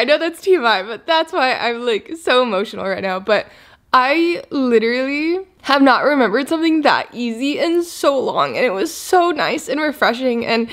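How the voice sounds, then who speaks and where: A chatty young woman vlogging casually to her viewers. Her voice sits a touch high and she rambles, excitable and emotional. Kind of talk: casual diet vlog chat.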